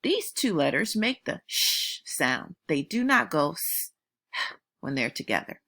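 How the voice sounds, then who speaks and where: A woman teacher giving a phonics lesson to young children at home, modeling sounds slowly and praising them patiently. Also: low-pitched, big pitch swings, pushed and bright.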